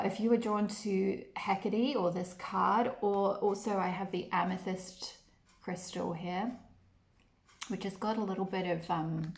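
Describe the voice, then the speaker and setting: A woman giving a pick-a-card tarot reading, talking gently and rambling with many fillers and addressing the viewer fondly. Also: fairly low pitch, gravelly, reverberant. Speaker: tarot reader.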